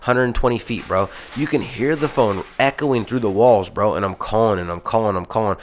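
A man's voice: fairly low pitch, brisk, a little hiss or hum. A young man co-hosting a casual podcast, telling a heated rambling story full of swearing. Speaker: podcast co-host.

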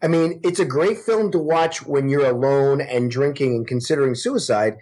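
A man in his forties, a guest actor, telling stories in casual podcast chat with a lively, profane manner. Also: medium pitch, moderate pace. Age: 40s. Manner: profane, animated storytelling.

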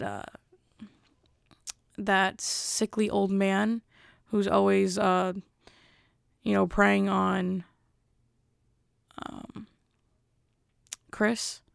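A woman's voice: medium pitch, creaky, clean tone, no room sound, clean studio sound. A young woman vlogger chatting casually and rambling, often interrupting herself. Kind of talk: casual rambling chat to camera.

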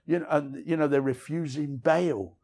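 Gravelly middle-aged man telling his story. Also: a little high, steady tone, moderate pace, darkish tone. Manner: rambling, frank, full of "you know what I mean". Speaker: interview guest, writer. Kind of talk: candid personal storytelling.

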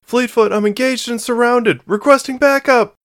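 A woman's voice: fairly high pitch, moderate pace, pitched above the performer's own voice, natural voice. A man voicing a young woman mech pilot calling urgently over the radio in battle.

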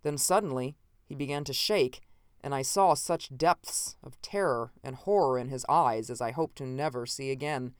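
A narrator reading a first-person science fiction story in a measured, dramatic way. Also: medium pitch, clean tone, no echo, studio quality. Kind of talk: scripted audiobook narration.

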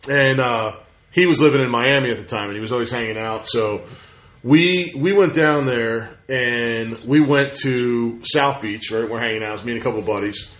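A man chatting casually as a podcast host, telling stories with lively acted-out quotes. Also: medium pitch, moderate pace. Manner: animated storyteller, acts out quotes. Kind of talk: casual chat. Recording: roomy echo.

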